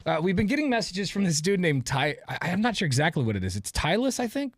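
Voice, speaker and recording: Lively, higher-voiced male radio host. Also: fast talker, no echo. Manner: rambling, filler-heavy delivery. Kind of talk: casual radio banter.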